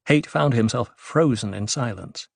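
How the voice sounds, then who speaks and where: A man reading an audiobook in a measured, even storytelling manner. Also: mid-range voice, creaky, breathy edge, no room sound, clean studio sound. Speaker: audiobook narrator. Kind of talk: scripted narration.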